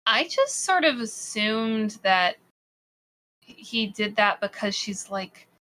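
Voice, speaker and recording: Woman, tabletop player, bright tone, hesitant, offhand. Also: medium pitch, lively intonation, takes it slowly. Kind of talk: playing a character in a tabletop game.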